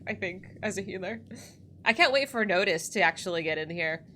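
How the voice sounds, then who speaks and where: A woman's voice: medium pitch, very animated, fairly quick, bright, forceful tone, a little hiss or hum. A woman streaming a video game, chatting casually with viewers, giggly and emotional, often laughing through tears, with many restarts. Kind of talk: casual livestream chat while gaming.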